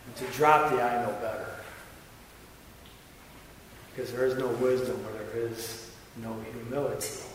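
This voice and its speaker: Joking pastor in an echoey church. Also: male voice, medium pitch, fairly even intonation, moderate pace. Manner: joking, self-mocking asides to the congregation; emphatic, building repetition. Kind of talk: sermon. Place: church sanctuary. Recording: echoey church hall from far off, faint noise.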